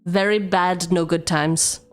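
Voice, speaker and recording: A woman's voice: lowish voice, fairly even intonation, takes it slowly, faint music behind. Playful young woman streaming card openings. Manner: playful, chatty, reads card text aloud, jokes with chat. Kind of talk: casual card-opening livestream chat.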